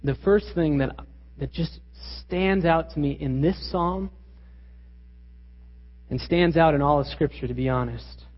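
A man with a high, husky voice preaches a sermon, driving his points home with emphatic rhetorical questions. His voice rings with a long hall reverb, and the recording sounds dull and lo-fi. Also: a little slow, long pauses. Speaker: pastor.

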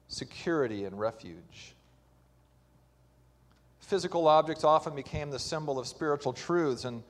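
A male pastor preaching a sermon, with loud emphatic stretches and quieter hushed lines. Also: on the high side.

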